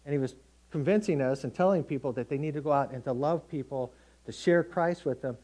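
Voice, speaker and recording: A man's voice: mid-range voice, fairly quick, a little mellow. A middle-aged man preaching a sermon in a conversational, storytelling way, acting out quotes from everyday people.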